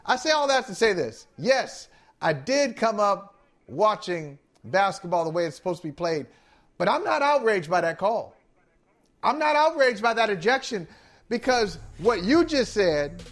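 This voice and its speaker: High-voiced man calmly arguing sports. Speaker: sports talk show co-host. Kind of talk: sports debate.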